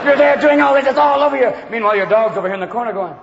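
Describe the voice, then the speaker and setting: A man doing a stand-up comedy routine in front of a live audience, talking manically and jumping into silly voices and shouts. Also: extremely high pitch, very fast, vocal fry, hardly any pauses, lo-fi sound. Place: large live venue before an audience. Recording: echoey live hall with loud crowd noise. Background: audience laughter and crowd noise.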